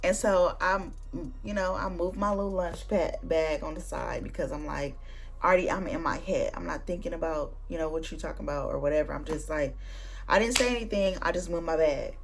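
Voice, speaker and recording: A woman's voice: low voice, brisk, vocal fry, soft background music. A young woman hosting her own vlog and telling a story in casual, slangy chat. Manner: animated, slangy, conversational storytelling. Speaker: booktuber vlog host.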